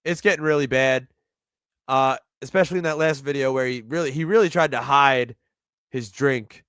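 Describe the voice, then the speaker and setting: A man's voice: medium pitch, moderate pace, fairly bright tone, clear, resonant tone, no echo. Sardonic New York man, dry sound. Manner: sardonic, profane, rambling asides. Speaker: streamer reacting to a video. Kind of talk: live reaction commentary.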